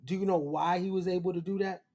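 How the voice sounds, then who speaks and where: High-voiced, blunt, slangy man. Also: steady tone, fairly quick, darkish tone. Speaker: host. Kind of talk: lecture-style commentary.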